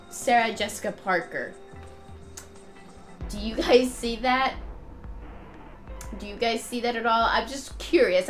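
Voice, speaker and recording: A woman's voice: on the high side, a bit bright. A woman game streamer with a stuffed-up nose, chatting casually and rambling with frequent laughs while she plays. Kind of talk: casual gameplay commentary.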